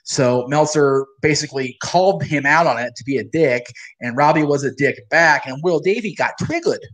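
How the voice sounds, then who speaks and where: A man's voice: a little high, moderate pace, a bit bright. A man hosting a live wrestling watch-along, ranting bluntly with profanity and laughing often. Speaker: host.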